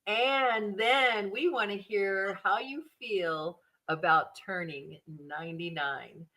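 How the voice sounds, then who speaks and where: A woman's voice: mid-range voice, takes it slowly, pushed and bright, low-quality recording. A woman hosting a podcast, chatty and encouraging, drawing out her guest in a casual chat. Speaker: podcast host.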